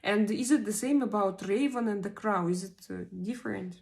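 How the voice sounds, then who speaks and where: She has a gravelly, mid-range voice with a darkish tone. In her 40s and a first-language Russian speaker, she hosts a casual live stream, reading viewers' comments in a halting way with plenty of pauses as she hunts for words in English.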